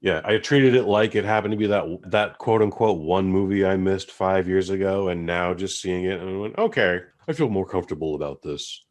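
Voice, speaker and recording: A young adult man hosting a podcast, chatting casually about movies in a rambling, animated way with casual swearing. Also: sits low, moderate pace, hardly any pauses. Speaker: podcast host. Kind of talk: casual movie-review chat.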